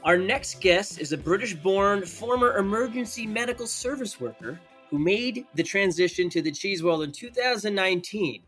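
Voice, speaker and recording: A man with a New Jersey accent hosts a relaxed interview, speaking on the higher side for a man. He is enthusiastic and playful, joking easily with his guest. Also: moderate pace, few pauses, soft background music. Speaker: podcast host. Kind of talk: casual interview chat.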